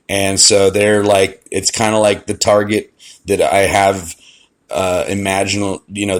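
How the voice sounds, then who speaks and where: A young man telling a crude, swearing-heavy story about trouble at his karaoke show. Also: on the low side. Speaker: karaoke host. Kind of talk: profane storytelling rant.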